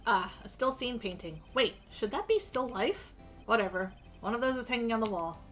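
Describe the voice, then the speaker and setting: A woman's voice: fairly high pitch, very animated, normal speed, a bit bright, faint music behind. A woman streaming a game, reading the dialogue aloud with joking, crude asides and a strained voice.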